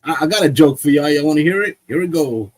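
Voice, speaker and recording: A man telling a long joke to friends in casual chat, animated and laughing through his own punchlines. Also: fairly high pitch, fast talker, a little hiss or hum. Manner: animated storyteller. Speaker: stream co-host.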